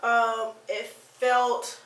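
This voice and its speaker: A woman's voice: fairly high pitch, level tone, extremely slow, fairly bright tone, roomy sound, recorded from a distance, poor audio. A woman vlogger giving a casual, rambling product review with plenty of fillers and restarts. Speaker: beauty vlogger.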